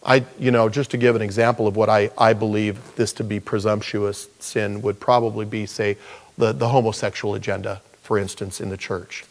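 A man's voice: fairly low pitch, little pitch movement, normal speed. A man preaching a sermon in a conversational, rambling way, full of restarts and asides. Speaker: pastor.

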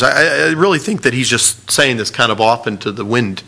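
A man preaching a sermon, reading scripture aloud and explaining it in an earnest, animated way. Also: mid-range voice, fairly quick, gravelly. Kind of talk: sermon-style Bible teaching.

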